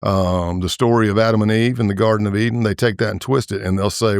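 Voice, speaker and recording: A man's voice: fast talker, few pauses, clean tone, dry recording, clean studio sound. A man, a former federal agent, telling stories in a casual interview and acting out the voices of the people in them. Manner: animated storyteller who acts out quoted voices with big pitch jumps. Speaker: former FBI agent, podcast guest.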